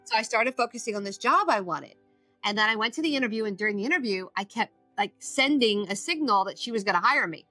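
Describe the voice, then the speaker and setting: Bright, emphatic woman telling her story. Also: medium pitch, fast talker, dry recording, soft background music. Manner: emphatic, animated, acts out quoted voices. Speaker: guest, addiction recovery coach. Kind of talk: podcast interview storytelling.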